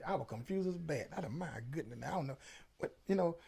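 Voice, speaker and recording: A middle-aged man talks as an interview guest, his voice gravelly and husky. He tells stories in an emphatic, preachy way, pressing his points home. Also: a little high, lively intonation, a little fast, mellow. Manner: preachy, emphatic, Southern Black vernacular. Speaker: featured guest. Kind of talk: casual storytelling interview.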